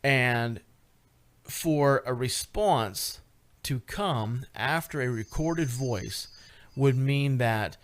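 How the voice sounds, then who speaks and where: Excited man retelling a ghost hunt. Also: medium pitch, drawn-out words. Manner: animated, lots of fillers and restarts, rising excitement. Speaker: paranormal investigator guest. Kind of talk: casual radio interview storytelling.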